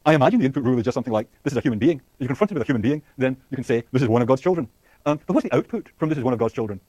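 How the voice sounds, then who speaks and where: A man lectures at high speed, with frequent fillers, restarts and questions to the class. His voice is dark and slightly husky. The recording is dry and close. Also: expressive, no echo. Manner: rapid, thinking aloud with frequent fillers and restarts; asks the class questions and laughs lightly. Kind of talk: university lecture.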